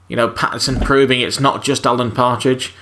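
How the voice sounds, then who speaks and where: A man's voice: medium pitch, level tone, brisk, noisy background. A man co-hosting a podcast, giving wry, opinionated takes on films. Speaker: podcast co-host. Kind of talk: casual film review chat.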